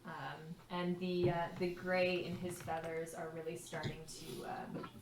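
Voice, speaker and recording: A woman's voice: lowish voice, level tone, a little slow. A woman narrating as game master in a tabletop game, casual and chatty with many fillers. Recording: echoey room with noise.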